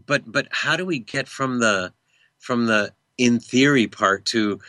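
A man hosting a casual interview, chatty, quick to laugh and apologize. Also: mid-range voice, bright, forceful tone, no room sound. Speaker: interview host.

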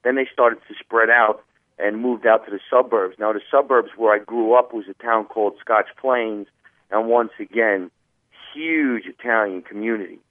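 A man's voice: lowish voice, steady tone, moderate pace, no room sound. Joking New Jersey man on a phone line. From New Jersey, USA. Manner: jokey storyteller, laughs often. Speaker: stand-up comedian guest. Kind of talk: casual phone interview. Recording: dry tinny phone line.

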